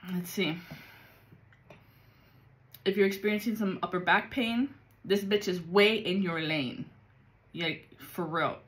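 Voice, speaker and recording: A woman's voice: medium pitch, unhurried, a bit bright. Blunt, cussing woman psychic reader. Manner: blunt and profane, streetwise slang. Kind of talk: casual spiritual reading monologue.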